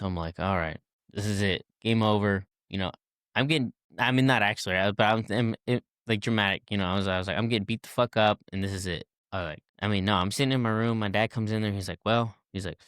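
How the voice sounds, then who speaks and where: Man, twenties, podcast guest, lively storyteller, low voice, dry close sound. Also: smooth, no room sound. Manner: animated, acts out quoted people, many fillers and restarts. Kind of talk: casual storytelling chat.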